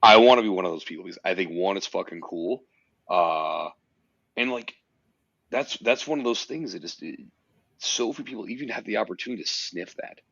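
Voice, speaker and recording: A man with a very low voice speaks as a podcast guest, emphatic and swearing freely as he tells his story. The sound is dry and a bit muffled, with no room around it. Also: lively intonation, brisk, gravelly, a bit bright, dry recording. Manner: emphatic, swears often, tells stories intensely. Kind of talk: casual podcast conversation.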